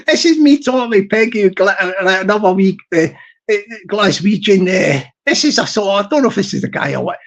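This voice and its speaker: A woman's voice: mid-range voice, expressive, fairly quick. A woman hosting a casual live stream, chatting in a rambling way and laughing often while reading the chat. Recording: dull lo-fi stream audio.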